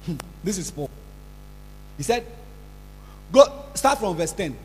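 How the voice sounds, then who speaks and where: Preacher guy scolding the congregation, high lively voice, big echoey church hall w faint music. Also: unhurried, slightly rough. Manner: scolding, repetitive, bursts into shouts. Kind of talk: sermon.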